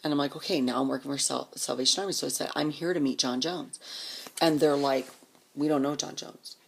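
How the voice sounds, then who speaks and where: A woman telling a personal story in a casual, blunt, profane way, dropping into hushed whispered asides. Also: very deep voice, fairly even intonation, fairly quick, creaky, slightly rough.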